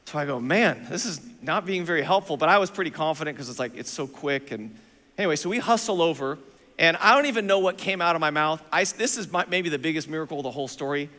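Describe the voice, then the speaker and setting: Bright-voiced pastor in an echoing sanctuary. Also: male voice, on the high side, fast talker. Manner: animated, self-mocking anecdote with acted-out dialogue. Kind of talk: sermon storytelling. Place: church sanctuary. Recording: long reverb of a church hall.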